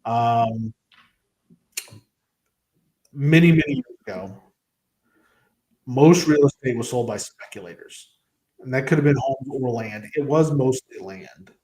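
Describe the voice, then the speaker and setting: A man's voice: mid-range voice, slow, long pauses, warm tone, slight background noise, rough recording. A man, co-hosting a talk show and explaining step by step in a casual way. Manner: explains history step by step, acts out dialogue. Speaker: co-host.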